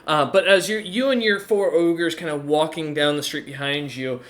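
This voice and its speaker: A man running a tabletop game, narrating scenes in a loose, casual way full of fillers. His voice is bright and a little higher than most men's. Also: normal speed. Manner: casual, hesitant, lots of fillers. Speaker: game master.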